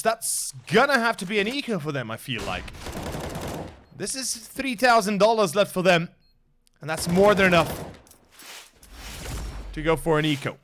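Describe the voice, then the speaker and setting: A young Slovenian man with a Slovenian accent, casting a match solo in English as a non-native speaker, building up loudly during action and chatting with viewers between plays. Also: very animated, normal speed, pauses often, a little hiss or hum. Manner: rises sharply in pitch and volume during action, chats with viewers between plays. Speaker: esports caster. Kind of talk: solo play-by-play commentary.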